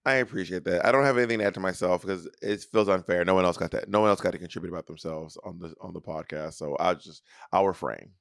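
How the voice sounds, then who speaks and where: A man in his thirties from New York co-hosting a podcast in campy, animated casual chat. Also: low-pitched, quick pace. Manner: campy, animated storyteller, breaks into shouted stage hype. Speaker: podcast co-host.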